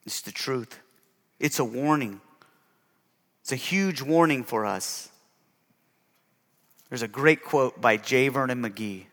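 A man's voice: medium pitch, takes it slowly, pauses often, a bit bright, big-room sound. A male pastor preaching a sermon with emphasis, often calling out for an amen.

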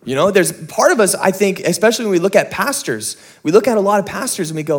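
A young adult pastor preaching in a loose, chatty way, with a somewhat high voice. He tells stories on himself with quick asides and jokes. He then drops back into earnest points. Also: big pitch swings, slightly rough. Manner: conversational, self-mocking storyteller, quick asides. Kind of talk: sermon.

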